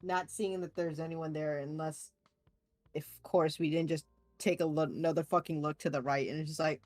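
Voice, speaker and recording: Low-voiced wry woman streamer. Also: fairly even intonation, normal speed, a little mellow. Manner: wry, profane, winding explanations. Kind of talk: casual group chat on a live stream.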